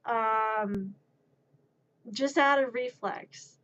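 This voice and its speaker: Slow-talking woman with a higher voice. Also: a bit bright, lo-fi sound. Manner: rambling, self-mocking, laughs at herself. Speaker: streamer. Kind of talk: casual chat. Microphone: streaming microphone.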